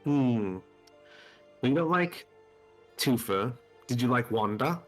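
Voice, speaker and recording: A man playing his character in a tabletop role-play, talking haltingly and laughing easily. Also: mid-range voice, expressive, soft background music. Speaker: player.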